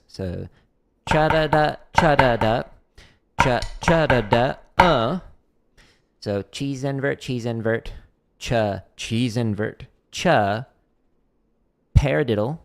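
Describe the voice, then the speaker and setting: Gravelly man scatting drum rhythms. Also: lowish voice, unhurried, background noise. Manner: sings out rhythms with vocal syllables; relaxed, thinking aloud with fillers. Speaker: drum instructor streaming practice. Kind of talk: casual spoken drum lesson. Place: home practice room. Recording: loud drumming and clicks behind the voice.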